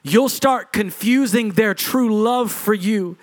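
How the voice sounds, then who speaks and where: Middle-aged male pastor, high-pitched preaching voice, punchy repetition, big dynamic swings. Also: slow pace. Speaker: lead pastor. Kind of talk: sermon.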